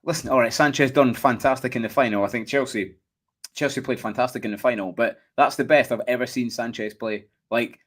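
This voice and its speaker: A Scottish man hosting a casual football chat, talking in an animated way and often asking "do you know what I mean". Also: mid-range voice, brisk. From Scotland. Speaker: podcast host.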